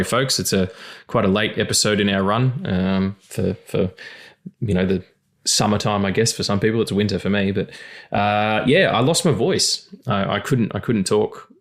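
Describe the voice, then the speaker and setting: A man hosting a podcast in casual, crude, jokey banter, his voice still slightly gravelly after losing it. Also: fairly low pitch. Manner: animated, crude, jokey, with restarts. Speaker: podcast host.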